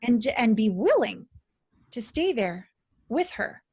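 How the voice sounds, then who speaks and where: A woman's voice: on the high side, very animated, a little slow, darkish tone, breathy edge. A middle-aged woman talking as a guest coach in a casual interview, emphatic and dramatic.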